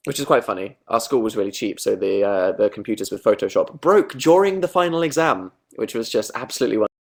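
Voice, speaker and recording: On his livestream, a young British host chats casually and reads out viewer comments, cracking jokes at his own expense. His voice runs low and creaky, with lively intonation and a quick pace.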